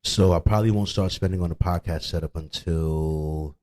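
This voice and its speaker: A man's voice: sits low, fairly even intonation, moderate pace, darkish tone, poor audio. A man with a Detroit accent hosting a podcast, talking casually and animatedly, swearing freely and repeating "you know what I mean.". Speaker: podcast host.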